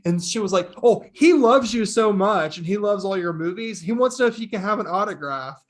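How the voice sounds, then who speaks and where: A young man co-hosting a podcast, telling stories in an excitable casual chat and laughing often. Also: high voice, a little fast. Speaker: podcast co-host.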